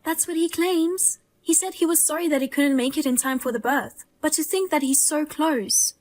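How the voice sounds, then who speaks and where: A woman's voice: high voice, normal speed, a little mellow, close to an everyday voice. A woman voicing a heavily pregnant young wife who is suspicious, wry and grimly humorous. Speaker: pregnant daughter-in-law. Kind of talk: dramatized story voice-over.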